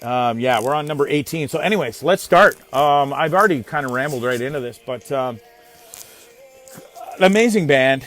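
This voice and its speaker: A man hosting a casual live stream, rambling excitedly and greeting viewers by name. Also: medium pitch, moderate pace, soft background music. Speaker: host of a live online show.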